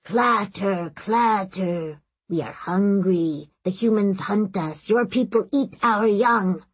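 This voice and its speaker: A woman voicing an ancient, grumpy male crocodile god in an audiobook, speaking slowly and wearily, complaining. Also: mid-range voice, slightly rough. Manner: slow, weary and complaining. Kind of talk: audiobook narration.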